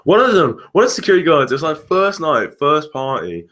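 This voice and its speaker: A man's voice: fairly high pitch, very animated, fairly quick, fairly bright tone. A young man co-hosting a casual chat, laid-back and giggly, full of fillers. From Essex, England. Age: young adult. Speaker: podcast co-host.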